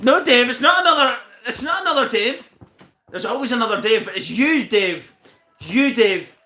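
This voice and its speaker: A man's voice: very high-pitched, lively intonation, moderate pace, sharp tone, reverberant, faint music behind. A Northern Irish man hosting a casual live stream, swearing and laughing as he teases viewers by name. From Northern Ireland.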